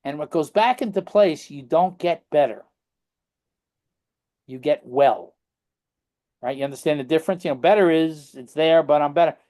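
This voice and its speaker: Brief: middle-aged male interview guest, somewhat high voice, loose storytelling with frequent check-ins. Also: normal speed, long pauses, warm tone. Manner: rambling storyteller, constant "all right?" tag questions. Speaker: guest practitioner. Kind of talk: casual anecdotal interview talk.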